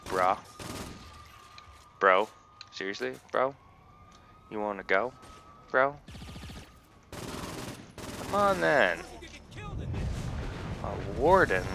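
This young let's play gamer has a lowish voice and keeps his casual commentary goofy, aiming playful trash talk at game characters. Background noise includes game music and gunfire.

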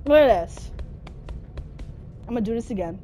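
A woman's voice: a little high, animated, moderate pace, warm tone, faint music behind. A woman giving frustrated gameplay commentary, cursing at the game nonstop. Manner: constant angry cursing at the game. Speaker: gamer.

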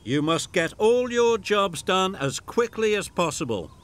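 In a storybook reading, a man performs an urgent male station master relaying a message. He uses an exaggerated voice pitched above his own, high and fairly bright, with big pitch swings and an unhurried pace.

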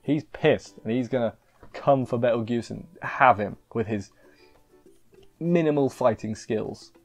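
A man's voice: medium pitch, measured pace, creaky, faint music behind. A man recapping an anime episode in a casual, rambling way, often restarting sentences and slipping in jokey asides. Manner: rambling, self-interrupting, joking asides. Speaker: anime reviewer.

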